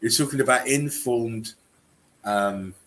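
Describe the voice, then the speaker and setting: A man's voice: mid-range voice, slow pace, fairly bright tone. A man hosting a casual chat, agreeing often and chiming in. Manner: agreeable, backchanneling.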